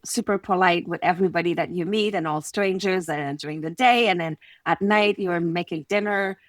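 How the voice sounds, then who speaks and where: Quebec French-accented woman, podcast guest coach, lowish voice, close and dry, animated storyteller. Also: dry recording. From Quebec City, Canada. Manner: animated, acts out little scenes in quoted voices. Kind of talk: conversational podcast interview.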